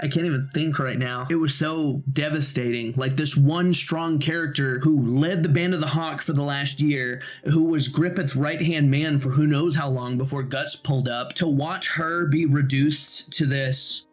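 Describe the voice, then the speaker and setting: A man giving a casual, emotional manga review on video, rambling with animated outbursts. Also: on the high side, normal speed, few pauses.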